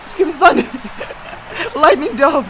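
A commentator calling a hobby wrestling match with excited play-by-play, jumping between hushed remarks and shouted exclamations and throwing in joking asides. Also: high voice, moderate pace, a little hiss or hum, poor audio. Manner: jokey, self-correcting asides.

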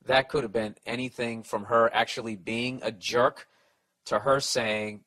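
A male comedian on his podcast, ranting profanely as he gives advice, with a voice of ordinary middle pitch. He rambles, restarts his sentences and jumps into quick mock voices for the people in his stories. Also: sharp tone, husky.

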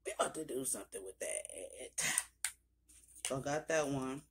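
A young woman filming a casual makeup haul, talking straight to her viewers with loose slang and cursing, and breaking into sudden high exclamations. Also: animated, unhurried, a little hiss or hum. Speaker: beauty vlogger.

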